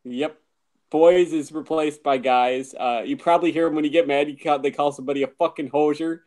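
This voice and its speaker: A man's voice: fairly high pitch, steady tone, brisk, darkish tone. A Canadian man chatting casually as a guest, laughing often and swearing while he teases. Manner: laughing, profane, teasing. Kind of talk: casual chat.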